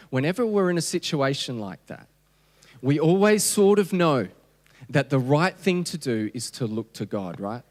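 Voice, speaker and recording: A man in his thirties with an Australian accent, preaching a conversational, humorous sermon full of restarts. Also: medium pitch. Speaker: pastor. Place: church hall. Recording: long church hall reverb.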